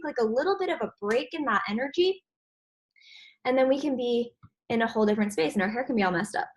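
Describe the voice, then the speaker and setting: A woman leads her team on a video call with a motivational, encouraging talk. Her voice sits a touch high, and she delivers it with lively animation and warmth of purpose. The sound is typical of a video-call mic. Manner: animated and encouraging, acts out stressed inner voices.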